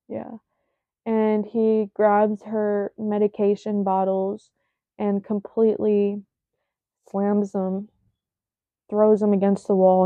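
A woman's voice: mid-range voice, creaky, dry recording. Shaken young woman, dry phone-like sound. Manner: halting, filler-heavy retelling, often dropping to a near-whisper. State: shaken, emotional. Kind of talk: personal storytelling to viewers.

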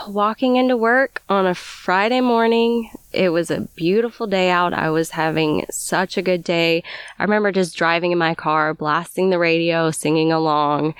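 Low-voiced woman recounting with halting sighs. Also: smooth, dry recording, clean studio sound. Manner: halting, stammers and sighs while recalling. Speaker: guest telling her story. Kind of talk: emotional first-person account.

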